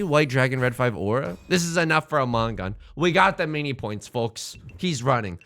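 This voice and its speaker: A man streaming a mahjong game, chatting casually with his chat in a jokey, animated way with mock-heated rants. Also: medium pitch, normal speed, few pauses. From born outside the United States. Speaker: Twitch streamer playing mahjong.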